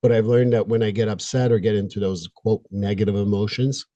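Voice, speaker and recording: A man's voice: fairly low pitch, steady tone, brisk, warm tone, no room sound, highs cut off. A man hosting an interview podcast, a therapist who talks bluntly and jokes around, pushing for real talk. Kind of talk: casual interview chat.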